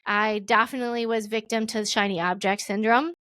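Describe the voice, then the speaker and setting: Woman, 30s, podcast guest; casual and animated, voices her past self with big pitch swings; dry recording. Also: a little fast, no echo. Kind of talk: casual storytelling interview.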